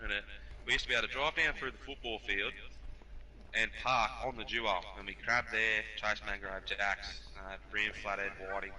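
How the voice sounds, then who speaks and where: Brief: young Aussie man, bright edgy tone, spins a rough-mouthed yarn. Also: fairly low pitch, normal speed, a little hiss or hum, low-quality recording. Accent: Australian. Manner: swearing, animated yarn-spinning. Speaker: podcast guest. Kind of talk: casual storytelling.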